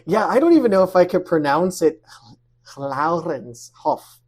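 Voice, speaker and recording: Podcast host, mid-pitch voice, reads the intro then just chats and asks stuff. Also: big pitch swings, fast, darkish tone, slightly rough. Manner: reads a scripted intro, then asks loose, chatty questions. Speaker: show host. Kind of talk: podcast interview hosting.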